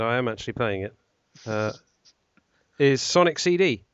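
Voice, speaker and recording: A man's voice: mid-range voice, expressive, normal speed, clean tone, no room sound. A man co-hosting a podcast, rambling and correcting himself with lots of ums. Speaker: podcast co-host. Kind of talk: casual chat. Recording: dull, slightly lo-fi dry sound.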